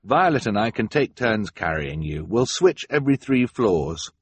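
A man's voice: lowish voice, big pitch swings, normal speed, breathy edge, dry recording. A man voicing a bookish, tired teenage boy, the middle sibling, thoughtful and mild. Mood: weary.

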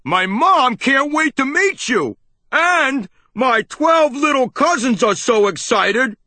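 An actor voicing a brash, boisterous young male rat who shouts in an audiobook. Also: extremely high pitch, very animated, slow, no room sound, voice pushed up, exaggerated voice. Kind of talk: audiobook character voice.

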